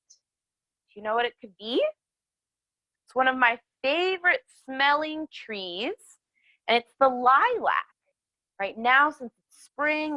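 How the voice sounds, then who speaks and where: A woman's voice: high voice, fairly bright tone, no echo, muffled recording. A young woman leading a children's yoga class outdoors, cheerful and encouraging, with sing-song cues. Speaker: kids yoga instructor. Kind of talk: guided kids yoga class. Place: outdoors in a yard.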